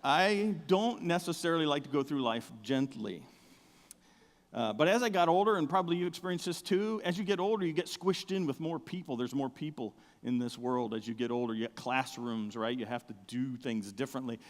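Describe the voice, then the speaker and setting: A middle-aged man preaching a sermon, with a big outdoor voice, telling stories with humor and swinging from soft asides to loud excited bursts. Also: mid-range voice, fairly quick, in a large hall. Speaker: pastor. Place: church sanctuary.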